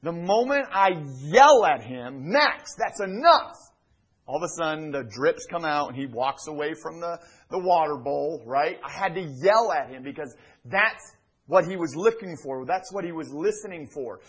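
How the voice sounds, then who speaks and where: A middle-aged male pastor preaching a sermon in a church, swinging from loud emphatic lines to hushed near-whispers. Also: fairly high pitch, expressive, normal speed, breathy edge, poor audio. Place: church sanctuary.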